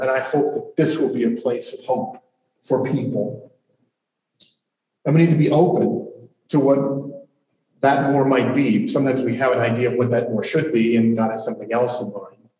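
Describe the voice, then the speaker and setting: A male pastor preaching earnestly and reflectively with long pauses, then opening questions to the congregation. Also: medium pitch, warm tone. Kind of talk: sermon and congregation Q&A. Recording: roomy hall audio from a distant mic.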